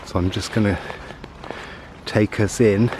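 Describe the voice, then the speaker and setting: A man talks on a woodland walk, his voice sitting a little low. He chats in a loose, rambling way and restarts his sentences as he films. Faint outdoor ambience hangs behind him. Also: fairly even intonation, a little slow, background noise. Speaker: nature vlogger. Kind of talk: casual walking commentary. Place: woodland path outdoors, walking.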